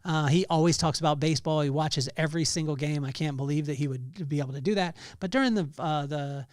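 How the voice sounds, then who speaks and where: Middle-aged guy doing his solo podcast, kinda high voice, dry close mic, gets hyped telling stories. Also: fast talker, no room sound. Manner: animated storytelling with bursts of excitement; many fillers and restarts. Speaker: podcast host. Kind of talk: casual solo podcast monologue.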